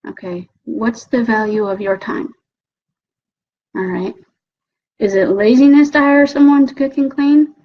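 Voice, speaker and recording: A woman giving a motivational talk as a coach, animated and often asking "okay?", voicing her own excited thoughts. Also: fairly high pitch, measured pace, long pauses, lo-fi sound.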